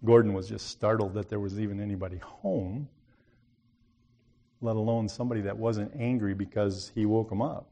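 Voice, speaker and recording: A man delivering a sermon in a low, mellow voice, with a warm and unhurried tone. He tells his story in a plain, folksy way. Now and then he builds to an emphatic appeal to his listeners. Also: fairly even intonation. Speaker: preacher.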